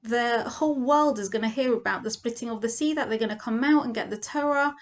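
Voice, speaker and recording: Woman, Torah teacher, animated storytelling, acts out quotes. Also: on the high side, a little fast. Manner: vivid second-person storytelling with acted quotes.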